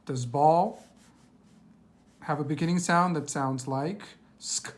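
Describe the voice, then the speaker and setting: With a low voice, a female teacher patiently and slowly works through a worksheet for young children, asking questions and supplying the answers on her own.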